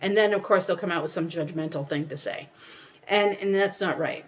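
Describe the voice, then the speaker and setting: On her podcast, this host gives casual but earnest life advice, fairly quickly and in a lowish voice whose high frequencies are cut off. She tends to repeat herself and frequently performs the words of people she quotes.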